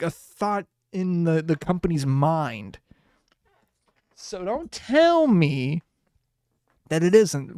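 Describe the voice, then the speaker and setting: A man's voice: no echo, clean studio sound. Rambling, swearing man on a podcast. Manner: rambling, swearing, laughs often; animated, jumps in pitch. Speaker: podcast host. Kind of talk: casual solo podcast talk.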